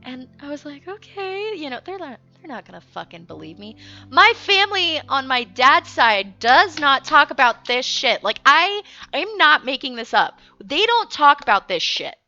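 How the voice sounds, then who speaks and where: A young woman hosting and telling a story in a casual, animated way, laughing often and swearing freely. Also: sits high, moderate pace, no echo. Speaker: host. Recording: dull lo-fi recording with faint music.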